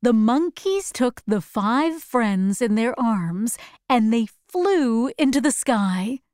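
A woman reads a storybook aloud very slowly and clearly. Her pitch is fairly high and moves a lot, which makes her reading expressive. The recording is dry and close. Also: no room sound.

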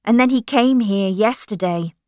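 A woman reading a storybook aloud, voicing a sixteen-year-old girl with a bright, eager voice. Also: mid-range voice, moderate pace, no room sound, studio quality, voice pushed up, natural voice. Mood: urgent. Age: teenager.

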